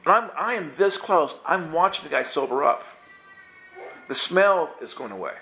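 This man has a fairly high-pitched voice and keeps a moderate pace while sharing an amusing personal anecdote with a church group. He laughs along and performs his own inner thoughts with lots of energy.

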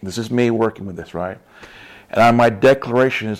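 A man's voice: medium pitch, brisk. A man preaching in a casual storytelling way, chatty and laughing often, with frequent tag questions.

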